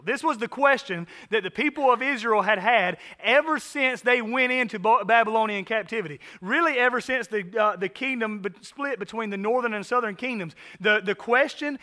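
A man's voice: high-pitched, moderate pace, hardly any pauses, sharp tone. A man preaching a sermon, reading Scripture aloud and stressing key points with emphatic declarations. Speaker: pastor.

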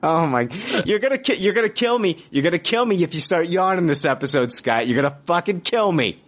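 A man hosting a podcast swings his fairly high voice wildly up and down as he rants, swearing freely in mock outrage. His delivery is loose, joking banter, full of exaggerated indignation. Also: a little fast. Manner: animated, profane, mock-outraged ranting. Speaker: podcast host.

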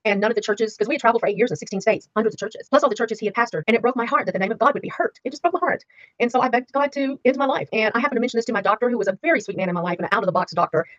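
A woman in her sixties tells her own story as an interview guest, speaking fast in a slightly high, fairly bright voice. She is emphatic and repeats key words for weight in this candid personal interview. The recording is dry, with no room sound and a slightly dull lo-fi quality.

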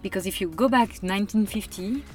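A woman's voice: medium pitch, fairly quick, darkish tone, faint music behind. A woman, earnestly making her case in a casual conversation. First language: French. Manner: earnest, emphatic, persuasive.

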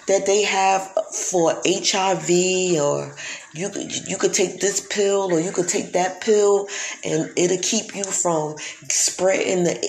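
A woman speaks slowly in a casual vlog monologue, her lowish voice gravelly with fry. She is emphatic and preachy and circles back to repeat her points. The recording is echoey, as in a bare room. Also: slight background noise. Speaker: vlogger.

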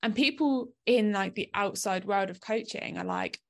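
A woman's voice: mid-range voice, normal speed, vocal fry. A woman hosting a podcast and coaching in business, chatting in an affirming, reflective way. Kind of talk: casual podcast chat.

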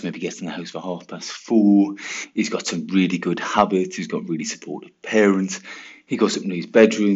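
A man's voice: sits low, slightly rough, dull audio. A male teacher talking through a casual solo podcast, chatty and rhetorical, with frequent asides like "right" and "okay".

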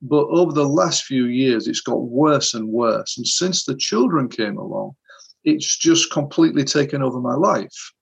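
A man putting on a frightened young man, pleading in a raised, strained voice with a gravelly edge. He sounds shaken and anxious, and the sound is slightly dull. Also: medium pitch, animated, normal speed. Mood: despairing.

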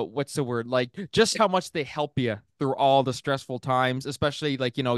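A man's voice: mid-range voice, a bit bright, clear, resonant tone, no echo, clean studio sound. A man hosting a casual podcast interview, rambling with lots of fillers and restarts, laughing often. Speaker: podcast host.

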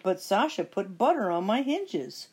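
A woman's voice: mid-range voice, sing-song, unhurried, a little mellow, husky. A woman voicing a grateful talking garden gate from a storybook.

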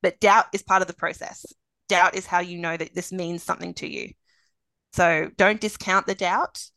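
A woman's voice: on the low side, steady tone, normal speed, creaky, pushed and bright, dry recording, poor audio. An Australian woman, a guest author on a podcast interview, talking in an earnest, encouraging way and repeating phrases for emphasis. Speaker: guest author and literary agent.

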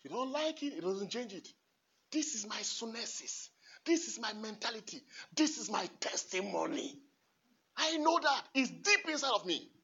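A man preaching a homily as a priest in church. He repeats phrases emphatically and swings from hushed asides to shouts, laughing often. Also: sits high, big pitch swings, moderate pace, husky. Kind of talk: impassioned homily. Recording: dull lo-fi recording.

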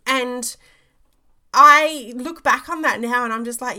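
Woman, business coach, motivational talk, bright forceful tone, slightly high voice. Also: slow. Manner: emphatic, repeats phrases, checks in with "okay?".

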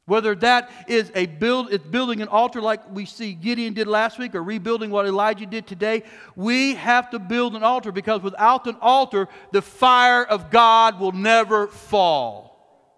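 Male pastor, very high and bright, emphatic sermon delivery, long church-hall reverb. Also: moderate pace. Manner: emphatic preaching, shifts between loud high bursts and low quiet asides; mocks and acts out quoted speech.

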